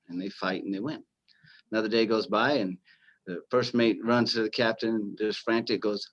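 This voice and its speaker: A man in a casual chat, slowly telling old jokes with halting fillers and restarts. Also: lowish voice, steady tone. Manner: halting, with repeated words and fillers. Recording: dull lo-fi sound.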